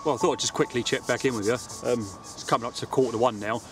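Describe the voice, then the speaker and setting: A man's voice: medium pitch, rapid-fire, fairly bright tone, faint music behind. A man chatting casually to camera as he fishes by a lake, explaining his tackle as he goes. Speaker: angler vlogger. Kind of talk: casual outdoor fishing vlog. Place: outdoors by a lake.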